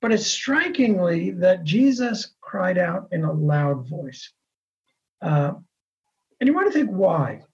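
A man pastor preaching a sermon in an earnest, measured way, often restarting his words. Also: sits high, sing-song, darkish tone, lo-fi sound.

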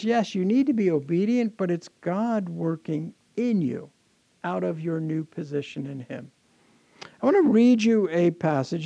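A man's voice: on the high side, vocal fry, warm tone, no echo. A man preaching a sermon as pastor to his congregation, earnest and often repeating words as he restarts.

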